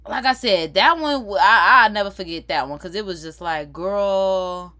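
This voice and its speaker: Medium-pitched and moderately paced, this livestream host's voice comes through poor audio. In her 30s, she gossips casually with lively energy, cursing and laughing in between her stories.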